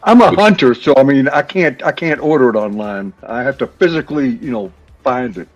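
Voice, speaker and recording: A man's voice: medium pitch, lively intonation, a little fast. A man from Kentucky who hunts, chatting in a folksy, easygoing way on a live stream. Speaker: hunter and chat guest. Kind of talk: casual live-stream chat. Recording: dull lo-fi sound with faint music.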